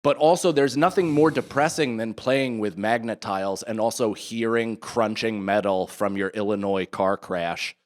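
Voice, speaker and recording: A man in his thirties with a lowish voice talks at a moderate pace with few pauses. Co-hosting a podcast in casual chat, he tells a story full of swearing and acts out the people he quotes.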